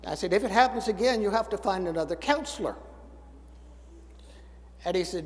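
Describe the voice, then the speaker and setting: A man in his seventies preaches a sermon in a church sanctuary, his high-pitched voice swinging widely in pitch as he speaks briskly with long pauses. His style is folksy and story-driven, laced with dry humor, and the recording carries the sanctuary's long reverb.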